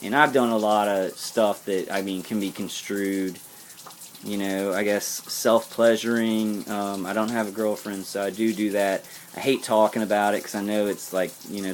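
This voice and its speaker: A man's voice: on the low side, steady tone, normal speed, a little hiss or hum. A man delivering an earnest spiritual pep talk to camera, rambling and repeating himself. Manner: earnest, intense. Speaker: vlogger.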